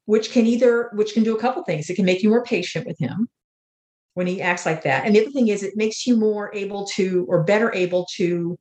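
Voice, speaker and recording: An older woman guest talking with an earnest, unhurried calm. She shares spiritual stories at a steady, middle pitch. Her voice carries a roomy echo. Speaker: guest, author. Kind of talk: reflective interview talk.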